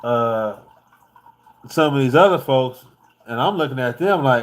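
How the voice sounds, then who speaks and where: A laid-back man from the United States recounts his trip in a loose, profane, easygoing way. His pitch sits in a middle range, and he chuckles now and then while he talks. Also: expressive, a little slow, pauses often. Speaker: vlogger. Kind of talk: casual travel storytelling.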